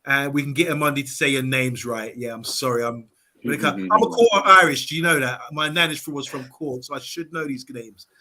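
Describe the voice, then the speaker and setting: A man's voice: medium pitch, steady tone, fairly quick, bright, forceful tone. A man on a live fan show, reading viewer comments aloud in a casual way with lots of ums and uhs. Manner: reads comments aloud with many fillers. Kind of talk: casual live-stream chat.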